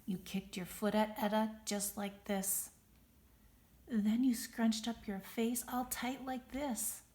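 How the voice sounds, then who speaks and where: A kind, patient teacher speaks in a soothing, calm voice, as a woman reading a storybook puts her on. She sounds steady and reassuring. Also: fairly high pitch, slow.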